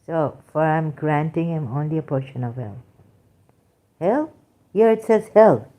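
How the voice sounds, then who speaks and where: A woman's voice: low voice, unhurried. A middle-aged woman hosting a livestream, talking casually to her chat in an emphatic way with many fillers. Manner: animated, emphatic, frequent fillers. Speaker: livestream host reading chat.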